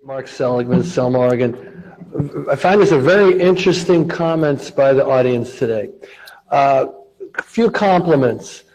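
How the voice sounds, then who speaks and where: A man giving public comment at a meeting, speaking in a measured way with hesitant fillers. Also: medium pitch, darkish tone, low-quality recording.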